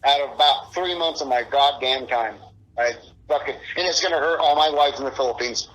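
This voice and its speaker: A man's voice: mid-range voice, fairly quick, a bit bright, muffled recording. A middle-aged man being interviewed, talking in a rambling, profane, frustrated way. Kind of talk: casual interview.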